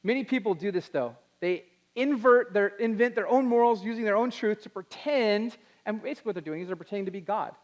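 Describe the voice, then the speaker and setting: A young man giving an animated talk to a youth audience, acting out quotes in put-on voices. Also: high voice, brisk. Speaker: youth speaker.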